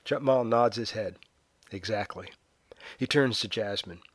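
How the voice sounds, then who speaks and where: A man's voice: fairly low pitch, measured pace, breathy edge, no room sound. A man reading a novel aloud as a narrator, wry and lightly voicing each character. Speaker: audiobook narrator. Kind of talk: scripted narration with character voices.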